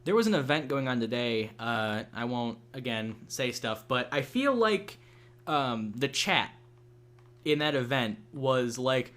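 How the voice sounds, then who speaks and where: A man's voice: mid-range voice, lively intonation, measured pace, a bit bright. A young man hosting a gaming channel, chatting casually and rambling with lots of fillers and swearing while he plays. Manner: rambling, many fillers and restarts, swears freely. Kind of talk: casual gameplay chat.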